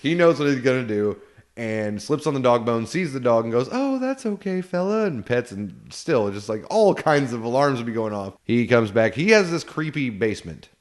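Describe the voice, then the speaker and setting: A man's voice: mid-range voice, expressive. Casual, swearing man recapping a horror episode. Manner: retells scenes with quick put-on character voices, swears often. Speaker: podcast co-host reviewing a horror episode. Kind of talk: casual chat.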